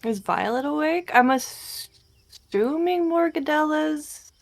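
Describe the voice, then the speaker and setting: A woman player in a tabletop game with a gravelly, creaky voice. She thinks aloud and talks hesitantly, stopping to restart her sentences. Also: high-pitched, lively intonation, unhurried. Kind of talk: casual tabletop play.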